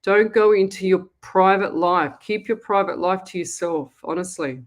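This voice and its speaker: Middle-aged Australian woman, live call-in host, mid pitch, chatty and blunt. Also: normal speed. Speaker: psychic medium radio host. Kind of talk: live call-in reading, casual chat.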